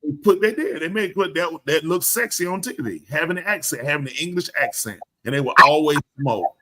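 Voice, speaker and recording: A man talks animatedly on a live show, pressing every point hard. His voice is bright and sits a little high. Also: fairly quick. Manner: animated, emphatic storyteller. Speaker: show host. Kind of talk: live show casual talk.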